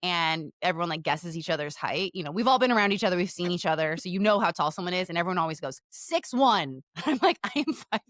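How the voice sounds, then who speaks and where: A woman's voice: on the low side, fast talker, few pauses, dry recording, clean studio sound. A woman in her thirties, a podcast guest, telling stories in casual chat, acting out quoted lines and laughing often. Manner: animated storyteller, acts out quotes, laughs often.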